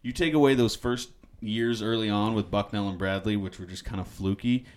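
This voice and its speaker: A man's voice: on the low side, fairly quick. A man hosting a casual sports podcast, upbeat and joking as he leads the segments. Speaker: podcast host.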